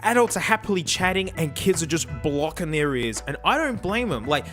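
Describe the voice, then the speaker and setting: A man talks in a loose, rambling stream-chat manner, his pitch swinging widely and sitting a touch high for a man. He laughs often between thoughts. Faint music runs underneath. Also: sing-song, brisk, fairly bright tone. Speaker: streamer and vlogger. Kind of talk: casual chat.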